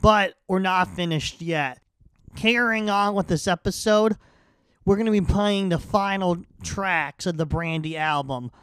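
Smooth-voiced radio host man. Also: high voice, unhurried, fairly bright tone, no echo. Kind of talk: casual chat.

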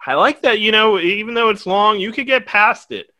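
Bright-voiced man ranting about movies. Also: high-pitched, normal speed, no room sound. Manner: animated, swearing, rambling with restarts. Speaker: podcast co-host. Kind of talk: casual film review chat.

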